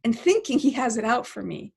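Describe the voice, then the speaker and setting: A woman's voice: fairly high pitch, sing-song, fairly quick, creaky, darkish tone, husky. A middle-aged woman, a political science professor and podcast guest, telling a reflective story in long, winding sentences and often checking in with "right?".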